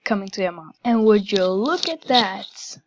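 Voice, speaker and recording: A woman giving casual gameplay commentary, gushing and giggly with excitement. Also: medium pitch, normal speed. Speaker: game commentator. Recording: dull lo-fi recording.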